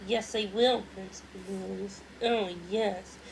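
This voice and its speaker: Tiny sweet girl, breathless, flustered, woman reader doing her, slightly raised pitch, storybook. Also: steady tone, takes it slowly, vocal fry, a little mellow, a little hiss or hum, rough recording.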